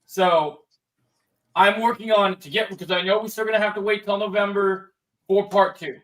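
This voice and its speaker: A man's voice: high voice, fairly even intonation, moderate pace, fairly bright tone, far from the mic, poor audio. A young man hosting a livestream in casual chat, rambling with frequent restarts and repeats. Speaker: livestream host.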